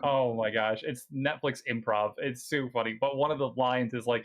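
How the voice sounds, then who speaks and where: A man running a tabletop game as game master, chatty and relaxed. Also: mid-range voice, normal speed, hardly any pauses.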